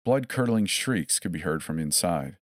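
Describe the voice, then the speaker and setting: A man reads a first-person horror tale with wry asides. His voice is deep, and the recording is close and dry, with no room around it. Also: animated, normal speed, no echo. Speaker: narrator. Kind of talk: scripted horror narration.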